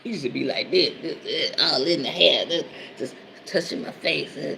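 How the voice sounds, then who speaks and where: Laughing, candid woman with a gravelly voice. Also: sits low, moderate pace, pushed and bright, slight background noise. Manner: candid, laughing, talks straight to listeners as y'all. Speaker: podcast host and women's counselor. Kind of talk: casual storytelling monologue.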